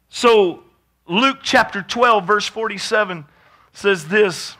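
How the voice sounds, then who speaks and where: A man preaching a sermon as pastor, moving from quiet storytelling to shouted exhortation. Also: high-pitched, slow pace.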